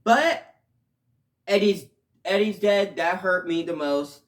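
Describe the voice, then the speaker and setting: A man's voice: sits high, unhurried. Emotional, rambling male show reviewer. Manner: emotional, rambling, swings from quiet to loud outbursts. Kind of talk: casual video review.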